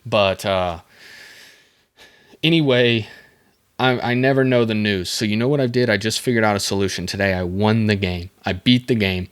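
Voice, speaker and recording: A young man runs a casual solo podcast on a desk microphone, his voice low-leaning, clear and resonant at a moderate pace. He rambles, jokes about himself, and stumbles through many fillers and restarts.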